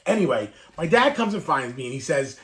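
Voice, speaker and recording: Wistful, rambling man, higher voice. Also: big pitch swings, a little fast, fairly bright tone. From Northeastern US. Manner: rambling, wistful, choking up at times. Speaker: toy collector. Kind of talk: emotional storytelling to camera. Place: room full of collected toys.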